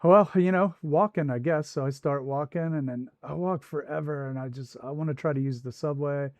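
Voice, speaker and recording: Playing a game on his livestream, a man recounts a lengthy, casual anecdote with asides along the way. His voice is on the high side with a darkish tone at a normal speed, and there is no room sound.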